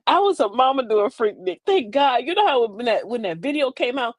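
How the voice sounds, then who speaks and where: An older woman spins comic stories to her viewers, full of sassy asides and laughter. Her voice sits a little high and swoops all over. The sound is close and dry. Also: brisk, no room sound. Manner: animated, laughing, sassy Southern-style asides. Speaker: host. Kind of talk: comic storytelling monologue.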